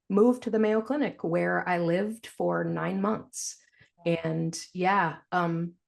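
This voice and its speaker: A low-pitched woman with a gravelly texture speaks as a guest on a podcast. She tells her story frankly and with animation, laughing easily even through hard memories. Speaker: podcast guest, financial planner. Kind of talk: candid storytelling interview.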